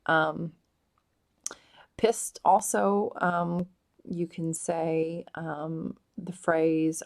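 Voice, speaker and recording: A woman explaining slang words in a casual vlog, hesitant and full of drawn-out ums. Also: deep voice, little pitch movement, gravelly. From United States. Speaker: vlogger explaining British slang.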